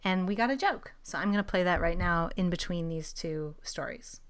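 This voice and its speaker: A woman's voice: on the low side, normal speed, clean tone. A woman hosting a podcast, chatting casually about the news in a blunt, opinionated way. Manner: opinionated, blunt, laughs often. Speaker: podcast host.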